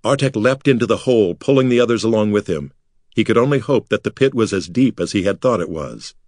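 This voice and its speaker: A man reading a children's adventure book aloud in steady scripted narration. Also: on the low side, brisk, no room sound, studio quality. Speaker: audiobook narrator.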